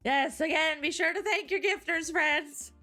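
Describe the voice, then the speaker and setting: A woman co-hosting a live stream, chatting casually, tired after a cry, with frequent giggles and drawn-out exclamations. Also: high-pitched, pushed and bright, soft background music. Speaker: streamer co-host.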